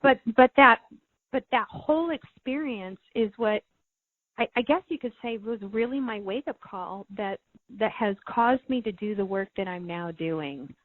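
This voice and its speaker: A woman's voice: fairly high pitch, measured pace, no room sound. A middle-aged woman, a podcast guest, earnestly telling a personal story and repeating words when moved. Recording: thin phone-like line, dry.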